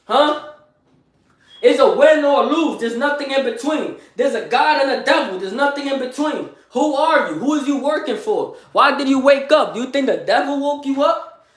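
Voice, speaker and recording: A man's voice: very high-pitched, animated, moderate pace, very echoey. A young man boasting in street slang, repeating himself and firing questions at the listener in a live motivational vlog. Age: young adult. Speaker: motivational vlogger.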